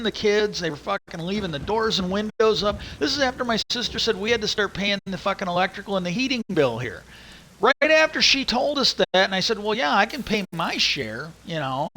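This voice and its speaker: Guy with a high bright voice ranting and swearing on a stream, keeps restarting, rain faintly behind. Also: lively intonation, normal speed, a little hiss or hum, low-quality recording. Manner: angry, profane, rambling with many restarts. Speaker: livestream host. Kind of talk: casual ranting monologue.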